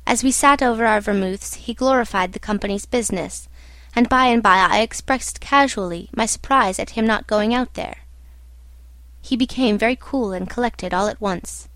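A woman giving a measured, literary audiobook narration. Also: a little high, fairly bright tone, no echo.

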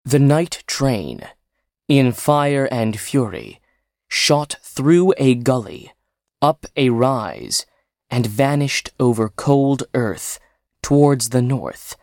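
A man narrating a story at a very unhurried pace, dwelling on each short phrase. His voice sits in the middle range and is recorded close in a dry space with no reverb. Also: medium pitch, sing-song, gravelly, darkish tone. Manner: slow, dramatic, phrase by phrase.

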